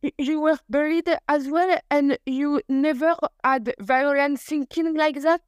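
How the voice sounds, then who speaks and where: A woman interviewer asking gentle, probing questions. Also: sits high, steady tone, a little slow, no room sound, clean studio sound.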